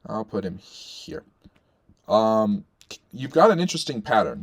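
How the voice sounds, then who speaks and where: A man's voice: lowish voice, sing-song, a little slow, creaky. A man talking as a historian, explaining and ranking rulers off the cuff, with many fillers and restarts as he thinks aloud. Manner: thinking aloud with frequent fillers and self-corrections.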